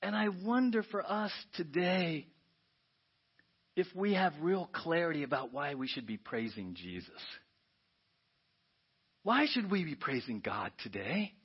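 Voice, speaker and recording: A man preaching a sermon as pastor, animated and often asking the congregation "right?". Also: on the high side, a little slow, pauses often, husky. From United States. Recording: dull lo-fi church audio.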